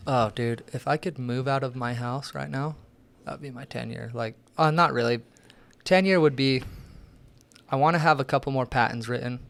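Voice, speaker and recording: A man's voice: medium pitch, normal speed, vocal fry. A young man, an interview guest, telling rambling, profane stories in casual chat. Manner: profane, rambling, animated storyteller.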